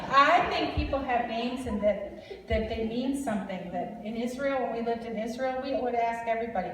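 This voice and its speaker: A woman's voice: on the high side, brisk, a little hiss or hum. Chatty, laughing woman in an echoey hall. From Wisconsin, USA. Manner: chatty, laughs often, rambling asides. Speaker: guest speaker prophesying over a family. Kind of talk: informal prophetic ministry talk. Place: large hall. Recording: echoey hall recording from far off.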